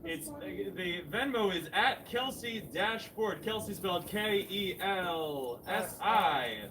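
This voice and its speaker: Rambling male host with a high voice. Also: lively intonation, takes it slowly, noisy background. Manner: rambling, restarts sentences. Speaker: show host. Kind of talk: casual announcements. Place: small comedy venue with audience. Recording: distant mic with crowd.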